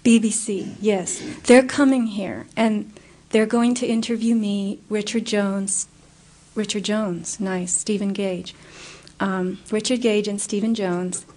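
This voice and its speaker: A woman giving a public talk and answering audience questions, telling stories in an earnest, animated way. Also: medium pitch, slow pace. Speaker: guest speaker.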